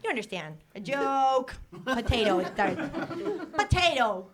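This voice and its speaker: A young woman doing stand-up comedy, rambling quickly and self-deprecatingly, often laughing between lines. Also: on the high side, very animated, crowd noise. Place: comedy stage with live audience. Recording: loud audience laughter and noise.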